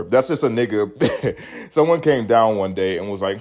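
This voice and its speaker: A man's voice: on the low side, lively intonation, normal speed, darkish tone. A man in his thirties hosting a solo podcast, swearing freely as he rambles and reads news stories aloud with his own takes. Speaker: podcast host. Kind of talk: casual solo podcast commentary.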